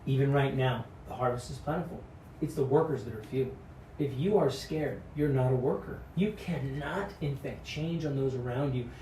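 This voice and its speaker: A man's voice: mid-range voice, moderate pace, dark tone, slight background noise. A man giving an earnest devotional sermon that urges courage and repeats key phrases, recorded off-mic in a room. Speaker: pastor. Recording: echoey room, mic at a distance.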